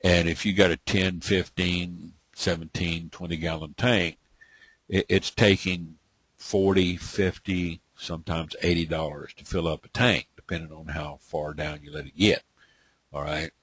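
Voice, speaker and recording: A man's voice: deep voice, little pitch movement, measured pace, fairly bright tone, husky, no room sound. A middle-aged man from Atlanta, Georgia, leading a live online training. He keeps calling on his listeners and closes his points with "okay?". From Atlanta, Georgia, USA. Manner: coaxing, repeatedly calls on listeners, ends points with "okay?". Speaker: webinar trainer.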